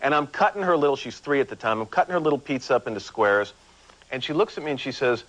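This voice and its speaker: Male TV anchor as chat guest, animated pitch, relaxed anecdotal storyteller. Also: quick pace, poor audio. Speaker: morning news anchor, talk show guest. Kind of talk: anecdotal talk show chat. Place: TV studio before a live audience. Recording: 1990s VHS TV broadcast.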